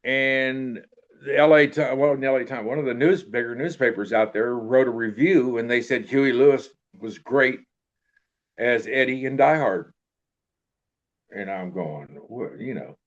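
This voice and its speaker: A man's voice: medium pitch, a little slow. An older man, an actor, telling casual anecdotes in an interview in a rambling way, restarting sentences and trailing off with throwaway tags. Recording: dull lo-fi recording.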